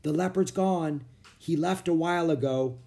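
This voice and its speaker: A man's voice: on the high side, moderate pace, mellow, voice pushed up, close to an everyday voice. A man voicing a bold, cheerful little girl in a storybook reading, speaking eagerly and kindly.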